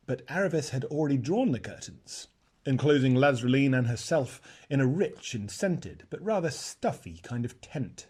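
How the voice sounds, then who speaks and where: A man narrating a children's novel aloud in an expressive storytelling manner. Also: medium pitch, normal speed, husky. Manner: expressive storytelling with lively shifts. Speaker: audiobook narrator.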